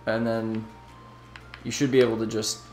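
A man's voice: lowish voice, level tone, a little mellow, reverberant, faint music behind. A man hosting a let's play, chatting casually and rambling between laughs. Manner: laid-back, rambling, quick to laugh. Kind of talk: casual gameplay chat.

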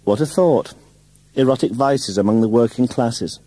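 A man's voice: medium pitch, moderate pace, warm tone, breathy edge, no echo, voice pushed up, lightly acted, rough recording. A man voicing a sardonic young woman who speaks in a cool, ironic way. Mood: mocking. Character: dry, sardonic young woman, an amateur actress.

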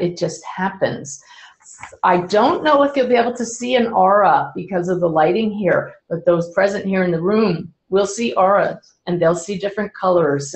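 An older woman, a spiritual medium, calmly and earnestly explaining her practice to a live audience. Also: fairly low pitch, gravelly, reverberant, low-quality recording. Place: indoor event room with an audience.

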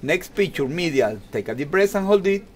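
A man giving a calm, step-by-step ultrasound demonstration in an exam room, with non-native English phrasing. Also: on the high side, a little fast. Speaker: ultrasound instructor.

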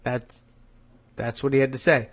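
A man's voice: mid-range voice, level tone, measured pace. A man hosting a political podcast, sardonic and wry, reading news quotes with asides, his nose stuffed up. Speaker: podcast host. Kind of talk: political commentary.

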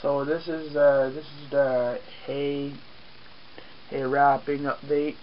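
A man's voice: mid-range voice, flat delivery, slow pace, dull audio, a little hiss or hum. A man with an Acadian French accent vlogging casually outdoors on a farm, rambling, joking at himself and swearing offhand. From Acadian, New Brunswick. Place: outdoors on a farm, rainy day.

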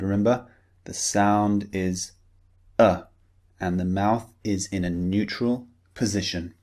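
A British man teaches pronunciation in a recorded lecture, taking things very slowly. His voice sits a little low, and he says each model word with care, often twice, so learners can copy it. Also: darkish tone. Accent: British English. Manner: slow and deliberate, repeating model words and sounds for learners.

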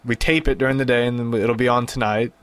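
A man's voice: medium pitch, steady tone, fast talker, a bit bright. A man hosting a casual radio show, talking in a rambling, awkward, self-deprecating way. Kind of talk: casual phone interview.

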